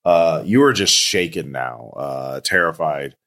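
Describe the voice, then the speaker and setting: A man's voice: rumbling low, expressive, unhurried, fairly bright tone. A man narrating a tabletop game as game master, with hesitant fillers between descriptions.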